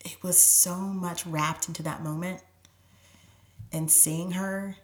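A woman's voice: fairly low pitch, steady tone, slow, pauses often, roomy sound. A woman telling an emotional personal story as a podcast guest, often dropping to a near whisper and filling with "like". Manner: softens to near-whisper when moved, many "like" fillers.

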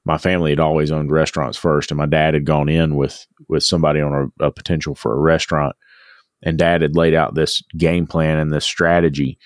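A man's voice: extremely low pitch, level tone, fairly quick, no room sound, clean studio sound. A man co-hosting a podcast, telling a long personal story in a reflective, repetitive way. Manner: reflective storytelling, repeats words as he thinks. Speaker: podcast co-host. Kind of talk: casual podcast chat.

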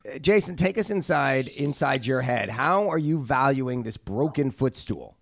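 A man's voice: medium pitch, expressive, moderate pace, vocal fry, no room sound. Male podcast host reading listings. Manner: reads out item listings, asks guests questions. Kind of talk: conversational podcast interview.

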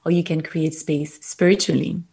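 A woman with a French accent, a guest on a podcast, telling stories animatedly and giving gentle, reflective advice. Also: low voice, normal speed, gravelly, husky. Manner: animated storyteller, gentle and reflective when advising. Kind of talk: casual interview chat.

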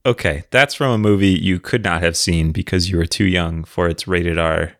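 A man's voice: low voice, moderate pace, fairly bright tone, no echo. A man co-hosting a podcast in casual chat, with dry, self-mocking humor and frequent hesitant restarts. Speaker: podcast co-host.

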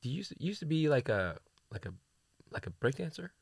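A man's voice: mid-range voice, big pitch swings, a little fast, creaky, breathy edge, dry recording. A middle-aged man, hosting a podcast in casual, hesitant chat full of "uh"s and "like"s. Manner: chatty, hesitant, lots of "uh" and "like". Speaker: podcast host.

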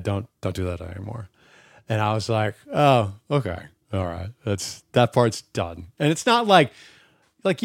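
A man in his forties co-hosting a podcast, telling stories in a casual, animated way, swearing freely and acting out the voices he quotes. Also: medium pitch, no room sound, clean studio sound. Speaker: podcast co-host. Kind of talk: casual chat.

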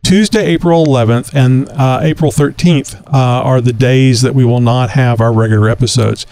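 A man's voice: medium pitch, moderate pace, no echo. Chatty man hosting with lots of fillers. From Texas. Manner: relaxed, rambling, many fillers. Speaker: podcast host. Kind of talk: casual talk show hosting.

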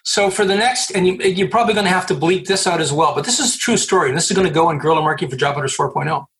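A middle-aged man from Canada, a guest in an interview, telling a story in an animated way, laughing and acting out the voices he quotes. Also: a little high, racing, rough recording. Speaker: guest, recruiter. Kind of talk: storytelling in a conversation.

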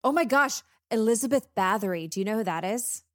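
Speaking a little high and a little fast, a female podcast co-host chats casually and animatedly tells stories, performing the dialogue herself. The sound is clean studio audio with no room noise.

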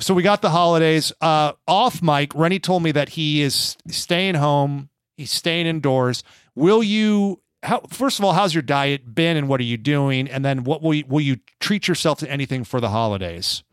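A man's voice: a little high, lively intonation, moderate pace, smooth, no room sound, studio quality. A man hosting a podcast in casual chat, rambling and joking between questions. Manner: chatty, rambling, jokey. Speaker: podcast host.

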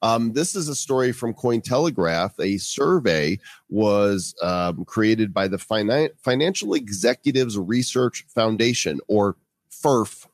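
A man hosting a podcast, with a fairly low voice recorded close and dry. He walks through news stories in a casual, emphatic way. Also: expressive, unhurried, few pauses, no room sound. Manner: emphatic, indignant remarks. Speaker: podcast host.

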